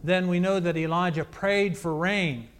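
High-voiced man preaching a sermon. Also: fairly even intonation, measured pace, a bit bright, clear, resonant tone. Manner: conversational storytelling preaching with acted quotes.

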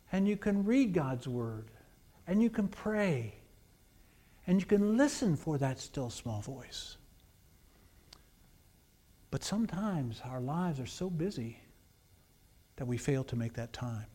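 A pastor delivers a sermon in a high, light male voice. He drops to near-hushed phrases, then rises to emphatic, forceful passages. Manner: preaching with swings between hushed and emphatic.

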